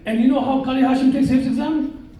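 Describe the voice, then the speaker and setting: A man preaching to a live audience in a big hall, his voice high and mellow. It rings with heavy echo and sits some way from the microphone. He tells stories and keeps drawing the listeners in with questions and jokes. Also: quick pace, a little hiss or hum. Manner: lively storyteller who questions and jokes with the audience. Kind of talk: live sermon with storytelling. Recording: very roomy echo, voice far from the mic.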